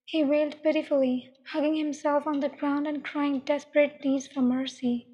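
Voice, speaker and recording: A woman calmly narrating a dark adult story in a measured way. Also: high voice. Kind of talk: reading dark fiction aloud. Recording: dull, long echoing reverb.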